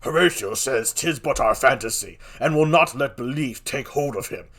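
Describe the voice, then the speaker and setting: A man voicing an earnest, gruff male officer of the watch, low and deliberate. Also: expressive, a bit bright.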